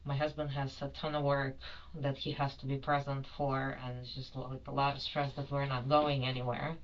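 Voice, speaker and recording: A woman's voice: extremely low pitch, little pitch movement, moderate pace, highs cut off. A woman giving a rambling, apologetic account in a police interview, full of fillers. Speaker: detained airline passenger.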